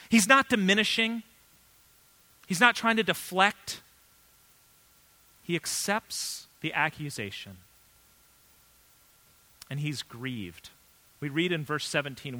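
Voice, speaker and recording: A pastor in his thirties preaches a sermon earnestly and conversationally, using emphatic pauses. His voice is on the high side, bright and forceful.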